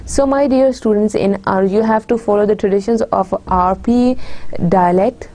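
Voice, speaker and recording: A woman's voice: medium pitch, normal speed, dark tone. A woman giving a recorded English literature lecture, addressing her dear students often, with many fillers and restarts.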